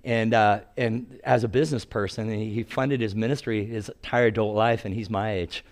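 A man's voice: lowish voice, steady tone, moderate pace. A man in his sixties preaching a sermon in a storytelling way, acting out quotes and laughing at his own stories.

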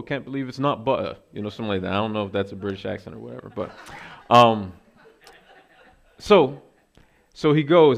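A man's voice: lowish voice, creaky. A man giving a casual, conversational sermon with self-deprecating asides and frequent fillers. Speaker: preacher.

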